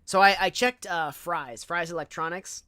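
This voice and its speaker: A young man from Southern California streaming, telling a casual story in a chatty, animated way with lots of fillers and asides. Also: high voice, moderate pace, no echo.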